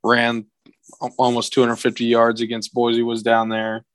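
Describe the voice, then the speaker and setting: A young man from tells a story in casual podcast chat. His voice sits mid-range, recorded dry and close. He acts out the quotes in a higher, livelier voice. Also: monotone, moderate pace, no room sound. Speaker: podcast guest.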